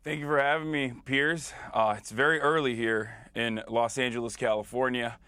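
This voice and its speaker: A man's voice: medium pitch, steady tone, bright, forceful tone, smooth, no room sound. Man talking over a dry video link. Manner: measured, hesitant with many fillers. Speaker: guest, online streamer.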